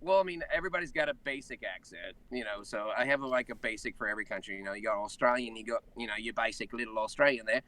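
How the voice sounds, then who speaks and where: Fast, bright-voiced joking man. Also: mid-range voice, low-quality recording. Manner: quick, jokey, slips into voices and accents. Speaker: voice actor guest. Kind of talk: casual chat on a call-in talk show.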